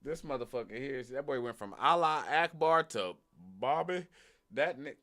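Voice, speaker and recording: A man's voice: medium pitch, expressive, normal speed. A man streaming live reactions to videos, talking loosely and profanely, often repeating himself. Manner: loud, profane, repeats himself, laughing asides. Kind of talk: casual live reaction commentary.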